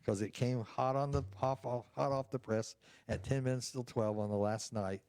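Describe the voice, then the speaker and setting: A man's voice: mid-range voice, fairly even intonation, normal speed, darkish tone, clean tone, no room sound. An older man, a state representative, answering interview questions with folksy anecdotes full of acted-out dialogue.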